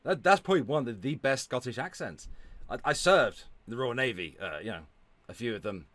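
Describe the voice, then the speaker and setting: A middle-aged Welsh man hosting a livestream and reacting to clips, profane and swinging between loud outbursts and low mutters. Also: lively intonation, brisk, no echo. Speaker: livestream host.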